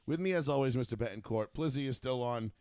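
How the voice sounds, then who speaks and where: A man hosting a casual sports talk show, rambling and profane, with fast banter. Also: medium pitch, a little mellow, clear, resonant tone, dry recording. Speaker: host.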